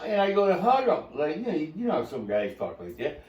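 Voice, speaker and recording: Guy hosting a podcast, animated storyteller, echoey room, mic a ways off. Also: a little high, fairly quick. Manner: animated storyteller, laughing and acting out quotes. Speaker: podcast host. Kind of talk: casual storytelling chat. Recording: roomy, distant mic.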